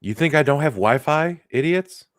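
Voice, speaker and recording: A man's voice: on the high side, animated, normal speed, natural voice. A man voicing a sassy, vain male Bigfoot in an indignant, flippant way.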